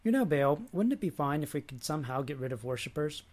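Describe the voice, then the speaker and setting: A relaxed bearded god who rumbles his lines in an unhurried way. A man voices him while reading aloud. He sounds mild and tolerant. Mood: teasing.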